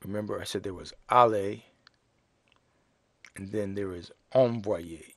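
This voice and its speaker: A man teaching a French lesson in English, explaining grammar slowly and spelling out words letter by letter. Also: lowish voice, fairly bright tone, no echo. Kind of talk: slow classroom explanation.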